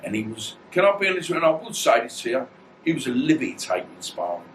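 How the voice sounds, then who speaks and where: Picked up by a distant mic in an echoey room with faint ambience and slight background noise, a man in his 50s speaks in a sing-song, rapid-fire, medium-pitched voice. As an interview guest and former boxer, he tells stories casually in a blunt, rambling, slang-filled style.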